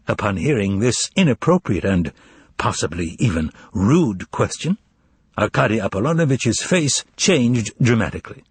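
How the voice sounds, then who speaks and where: A man narrating an audiobook in an expressive way, voicing each character. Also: fairly low pitch, normal speed, breathy edge, no room sound. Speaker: audiobook reader.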